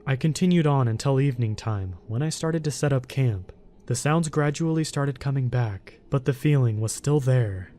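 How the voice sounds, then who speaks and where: A man telling a first-person horror story in a calm, steady narrating voice. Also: medium pitch.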